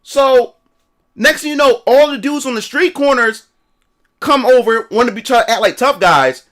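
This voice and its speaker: A man's voice: very high voice, expressive, moderate pace, fairly bright tone. A man telling a story in a casual livestream rant, profane and repetitive. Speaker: streamer.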